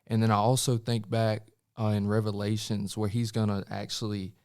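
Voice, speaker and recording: A man's voice: lowish voice, level tone, moderate pace, a little mellow, clean tone. A young man on a student faith podcast, speaking hesitantly with frequent restarts. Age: young adult. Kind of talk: casual podcast discussion.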